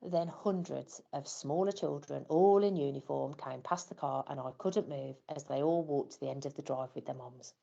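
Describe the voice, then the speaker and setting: A woman's voice: low-pitched, moderate pace, creaky, few pauses, dark tone, highs cut off. A woman telling a scripted first-person story as a flustered parent, wry and self-deprecating. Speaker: parent in a training scenario.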